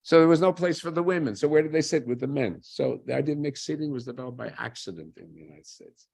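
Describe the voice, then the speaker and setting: Male lecturer with a husky voice. He asks himself questions, answers them with dry humor and keeps it conversational. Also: a little high, quick pace, a little mellow. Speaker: lecturer on Jewish history. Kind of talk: informal history lecture.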